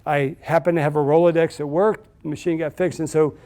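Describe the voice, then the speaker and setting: A man's voice: fairly high pitch, little pitch movement, brisk, darkish tone. A middle-aged man giving a storytelling talk to a live audience, chatty and anecdotal with frequent fillers and restarts. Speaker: speaker at a business event.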